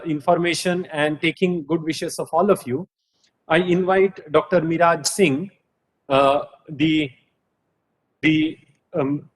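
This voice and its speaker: A man introducing a conference session, speaking in a measured way with frequent fillers. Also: fairly high pitch, rough recording. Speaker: session moderator.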